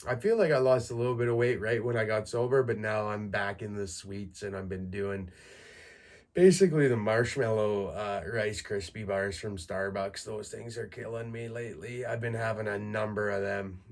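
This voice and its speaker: A man's voice: on the low side, steady tone, moderate pace, vocal fry, darkish tone. A man in his thirties from Canada, a podcast host telling crude, self-mocking stories in a casual monologue and laughing through them. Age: 30s.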